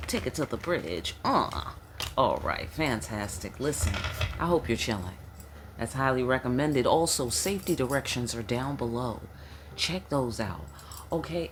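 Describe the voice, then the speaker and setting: A woman's voice: deep voice, a little hiss or hum. A woman giving a casual, profane tarot reading, chatting back and forth as if answering spirits. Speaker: tarot reader.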